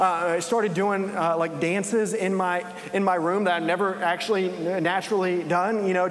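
A man with a fairly high voice preaches earnestly, firing probing questions one after another. His words ring out with a long reverb, as if spoken in a large hall.

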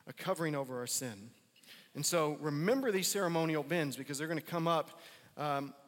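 A man's voice: a little high, fairly bright tone, big-room sound. A man preaching a sermon as a pastor, casual and conversational, repeating phrases for emphasis.

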